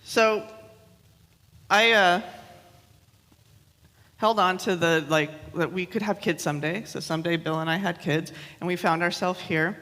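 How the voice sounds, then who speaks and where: A woman's voice: on the low side, a little slow, pauses often, fairly bright tone, in a large hall. A woman in her thirties, a minister giving a chatty, self-mocking sermon with personal stories, laughing often. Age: 30s. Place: church hall.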